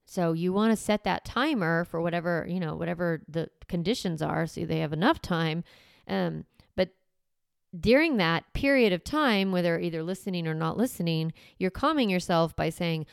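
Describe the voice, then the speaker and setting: A woman's voice: on the low side, moderate pace, vocal fry, smooth, no echo, studio quality. A woman, likely in her thirties, casually giving parenting advice and acting out what a parent might say to a child. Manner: conversational, acts out what parents say to kids. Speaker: parenting coach.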